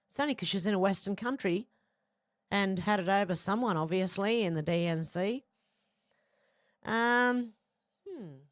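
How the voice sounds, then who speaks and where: A woman's voice: medium pitch, no room sound, clean studio sound. An Australian woman hosting a livestream, casually reading viewer comments aloud and chatting bluntly. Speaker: livestream host reading chat. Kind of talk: casual live chat.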